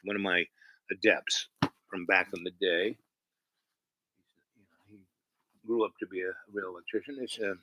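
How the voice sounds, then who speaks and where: Bright-voiced man telling a rambling story. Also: lowish voice, dry recording, rough recording. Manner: halting, many fillers and restarts. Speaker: channel host.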